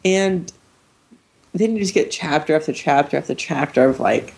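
A man hosting a casual podcast chat from a living room, talking in an animated, joking way and swearing freely. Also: fairly high pitch, moderate pace, gravelly.

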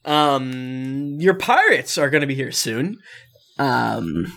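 Lively bright-voiced man running the game. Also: mid-range voice, gravelly. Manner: animated, laughs often, quick character voices. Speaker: dungeon master.

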